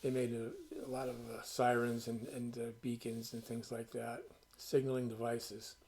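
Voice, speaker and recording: A man's voice: mid-range voice, expressive, normal speed, creaky, a little mellow, a little hiss or hum. A man hosting his own channel, telling stories to the camera in a casual, rambling way with many restarts. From Connecticut. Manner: rambling, conversational storyteller with restarts. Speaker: channel host.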